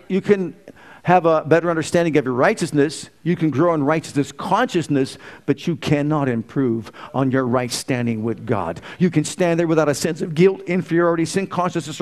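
A man preaching a sermon, swinging from hushed, slow lines to loud, emphatic ones and firing rhetorical questions at his listeners. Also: a little high.

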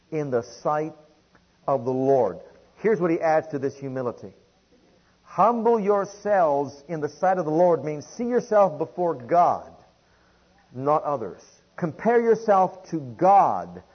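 A man preaching a sermon with a dynamic delivery, swinging from quiet to loud and repeating phrases for emphasis. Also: a little high, slightly rough, muffled recording.

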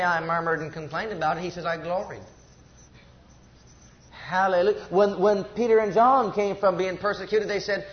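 A man preaching a fervent sermon, swelling loud at climaxes and asking questions he answers himself. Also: sits high. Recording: echoey muffled church recording.

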